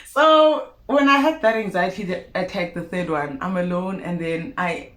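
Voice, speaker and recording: A young South African woman telling a personal story to her viewers in a vlog, expressive and animated. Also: lowish voice, moderate pace. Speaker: YouTuber. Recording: roomy echo.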